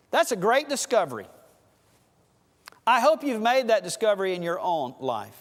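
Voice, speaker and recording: Preacher guy, high animated voice, folksy farm stories, echoey church hall. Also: fairly quick. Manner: folksy storytelling preacher, swings loud and soft. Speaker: pastor. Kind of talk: sermon.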